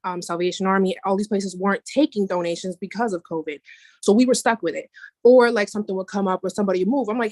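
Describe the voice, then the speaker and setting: Woman, mid-pitched, casual testimony, rambling with restarts, dry close sound. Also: steady tone, quick pace, darkish tone, no echo. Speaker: meeting member sharing a testimony. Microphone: video call.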